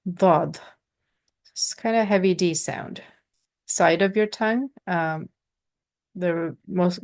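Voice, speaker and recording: A woman teaching pronunciation in an informal lesson, patiently explaining with halting pauses and sounding out letters. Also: on the low side.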